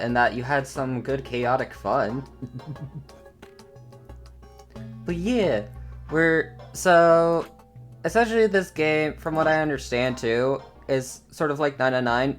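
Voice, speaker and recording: Low-voiced woman chatting on stream. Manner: chatty, giggly, greets chat eagerly. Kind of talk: live game stream chat.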